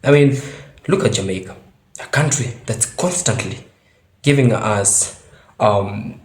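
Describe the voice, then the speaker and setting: A man hosts his own vlog and comments on it with emphasis, speaking directly to his viewers. His voice sits low. It rings in a roomy, echoey space. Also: slow. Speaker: YouTube channel host. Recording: roomy echo.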